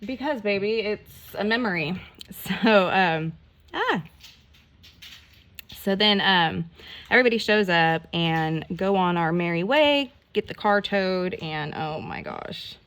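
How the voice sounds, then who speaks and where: A woman telling a rambling, animated story in a casual storytime vlog while she does her nails, full of "like" and mild swearing. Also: mid-range voice, takes it slowly. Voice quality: gravelly, creaky voice. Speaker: nail vlogger.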